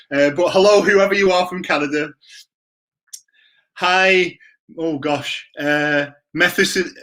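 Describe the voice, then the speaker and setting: A man with a fairly high, slightly bright voice hosts a live online Q and A stream. He greets viewers by name in an upbeat, chatty manner.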